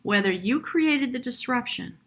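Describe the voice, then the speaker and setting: A woman giving a casual live tarot reading, excitable and quick to laugh and exclaim, sometimes reading slowly aloud from a book. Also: a little high. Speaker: tarot reader.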